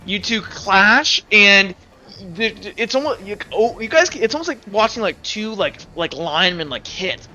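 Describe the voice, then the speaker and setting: A man's voice: high-pitched, expressive, normal speed, bright, forceful tone, a little hiss or hum. Rambling male game master. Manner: rambling, full of fillers. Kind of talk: narrating a tabletop game.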